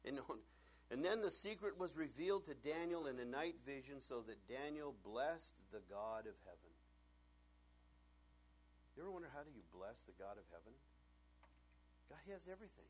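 A middle-aged man, a pastor preaching a sermon in a joking, animated way and acting out the people he quotes. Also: medium pitch, slight background noise.

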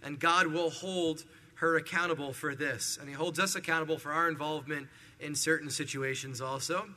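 A man's voice: a little high, moderate pace. Man preaching in a reverberant hall. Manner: animated preaching with acted-out scenes. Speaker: pastor. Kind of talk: sermon.

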